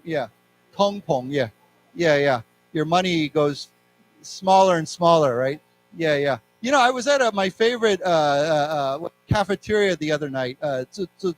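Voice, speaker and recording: A man giving a live English lesson in a library lecture room, chatting through everyday stories and then explaining words slowly and reading aloud deliberately. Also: a little high, poor audio. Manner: chatty, tells personal anecdotes. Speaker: English teacher.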